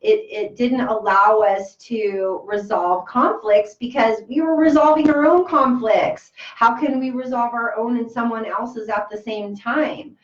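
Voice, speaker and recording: A woman's voice: on the high side, measured pace, hardly any pauses. A woman co-hosting a spiritual talk, speaking in a soothing, reassuring way with frequent restarts. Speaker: spiritual podcast co-host. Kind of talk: casual spiritual chat. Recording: roomy, distant, dull sound.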